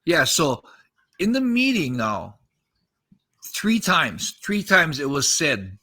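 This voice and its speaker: A man's voice: on the high side, wildly swooping pitch, slow, pauses often, bright, forceful tone. A man in his fifties on a podcast, casually recounting a story, acting out the quoted dialogue and swearing freely.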